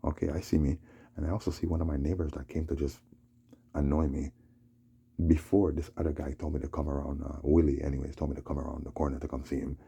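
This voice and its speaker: Very deep gravelly man. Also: dark tone. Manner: rambling, agitated, repeats "you know what I'm saying". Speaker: vlogger. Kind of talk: casual storytelling monologue.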